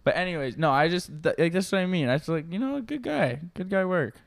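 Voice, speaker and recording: A man's voice: high-pitched, expressive, fast, gravelly. A young man co-hosting a podcast, joking and sarcastic in casual chat. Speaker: podcast co-host.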